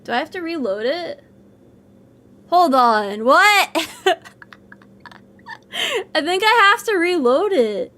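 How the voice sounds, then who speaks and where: A woman's voice: very high voice, big pitch swings, slow, long pauses, fairly bright tone. A woman streaming a game, chatting casually with rambling self-deprecating jokes and nervous laughs. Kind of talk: casual game livestream chat.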